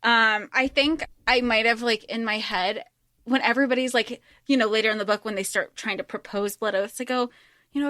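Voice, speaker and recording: A woman's voice: a little high, brisk, a bit bright, no echo, studio quality. A woman co-hosting a podcast, talking casually and animatedly about a book, swearing freely and restarting her sentences. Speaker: podcast co-host.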